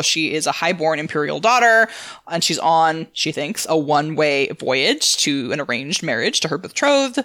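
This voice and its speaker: A woman's voice: low voice, fairly bright tone, no echo, clean studio sound. A woman co-hosting a book podcast in a casual, chatty way, laughing often and adding asides. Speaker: podcast co-host.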